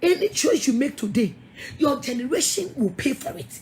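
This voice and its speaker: A woman's voice: high-pitched, sing-song, moderate pace, darkish tone, slight background noise. A middle-aged woman pastor with a Ghanaian English accent, giving an emphatic, scolding sermon-style talk with frequent laughs and repeated words.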